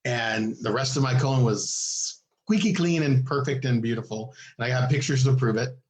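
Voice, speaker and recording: A man co-hosting a podcast, telling a story in casual chat and acting out the people in it with big swings in his voice. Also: normal speed. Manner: animated, acts out quoted people with big pitch jumps. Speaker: podcast co-host. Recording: echoey room.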